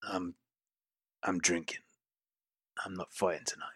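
Guy doing a drunk sad gunslinger in his forties, slow and halting, dry close sound. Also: on the low side, expressive, creaky, fairly bright tone, breathy edge, no room sound, full character voice. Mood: drunk, weary. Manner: slow, halting, hiccuping speech. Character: drunk middle-aged Hispanic gunslinger, weary and slow.

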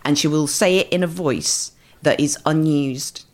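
Lively woman acting out voices. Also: sits low, unhurried. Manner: lively, acts out quoted voices. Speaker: guest writer. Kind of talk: animated podcast chat.

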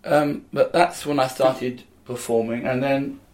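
A man's voice: mid-range voice, fairly even intonation, measured pace, a little mellow. Older man telling rambling stories. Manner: rambling, anecdotal storytelling. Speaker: guest comedian and musician. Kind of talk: casual interview chat.

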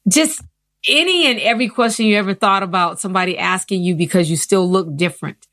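A woman in her fifties telling her personal story in an interview, earnest and animated. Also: mid-range voice, fast, no room sound. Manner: earnest, animated retelling with acted quotes. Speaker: interview guest.

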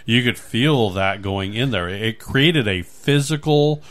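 A man hosting a podcast, chatting casually in a rambling, animated way with many restarts. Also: mid-range voice, slow pace. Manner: rambling, animated, acts out little scenes. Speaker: podcast host. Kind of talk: casual chat.

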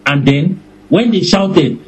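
A man preaching a sermon in a deliberate, animated way that often breaks into laughter. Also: high voice, poor audio.

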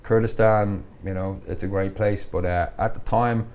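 Deep-voiced man telling stories. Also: normal speed. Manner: animated, laughs often while telling stories. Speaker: podcast guest. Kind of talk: casual storytelling.

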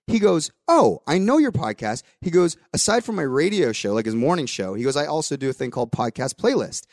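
A man's voice: a little high, fairly quick, no room sound. Young podcast guy spinning a story, acting out quotes, swears a bit, dead dry sound. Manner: animated anecdote-telling with voiced quotes and some swearing. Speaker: podcast host. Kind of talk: casual storytelling chat.

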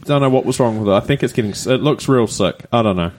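A man's voice: medium pitch, fast talker. A man co-hosting a podcast, teasing his friend with dry jokes. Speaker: podcast co-host. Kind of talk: casual chat.

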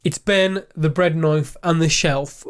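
A man's voice: on the high side, steady tone, slow, clear, resonant tone. A man co-hosting a podcast, teasing his co-host and swearing freely in casual chat.

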